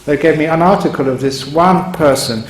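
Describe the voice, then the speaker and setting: A man's voice: on the high side, normal speed. A man, a monk, giving a sermon in a chuckling, digressive storytelling manner, recorded in a meditation hall. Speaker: monk giving a Dharma talk. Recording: roomy hall with faint hum.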